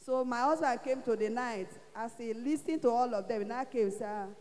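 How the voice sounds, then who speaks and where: Nigerian lady testifying in church, high pitched, acts out every quote, big hall echo. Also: moderate pace. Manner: animated storytelling, acting out quoted speech.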